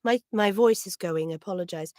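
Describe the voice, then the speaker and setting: A woman voice actor hosts a livestream signing, drawing while she chats politely with viewers in slightly formal wording. Her medium-pitched, darkish voice moves a little fast over slight background noise, full of little laughs and throat clearing.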